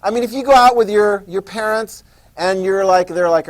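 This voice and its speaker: Man, history teacher, slightly high voice, chatty lecture, repeats points. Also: moderate pace. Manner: conversational, repetitive, checks understanding. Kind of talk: classroom lecture.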